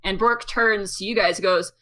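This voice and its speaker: A woman narrates a tabletop game as its game master, her voice clear and bright. She talks in a chatty, halting way, full of fillers and restarts, at an ordinary middle pitch. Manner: chatty, hesitant with many fillers.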